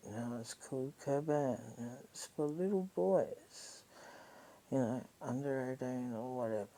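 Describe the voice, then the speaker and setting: A woman's voice: a bass voice, measured pace, mellow, low-quality recording. An Australian woman telling a personal story in a casual monologue, rambling, swearing freely and emotionally raw.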